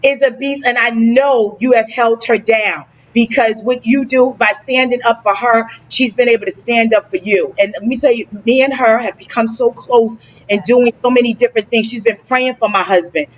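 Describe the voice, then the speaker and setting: A woman's voice: on the high side, normal speed, lo-fi sound. A woman with a New Jersey accent hosting a live virtual event, effusive and emotional, often saying she is about to cry. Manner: effusive, repeats "let me tell you something". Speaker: host.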